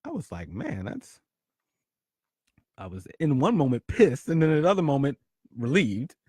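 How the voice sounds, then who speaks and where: Male host, higher voice, close dry mic, dramatic personal storytelling that swings from loud to hushed. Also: sing-song, a little fast, breathy edge, no room sound. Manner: emotional, dramatic shifts between loud and hushed. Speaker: podcast host.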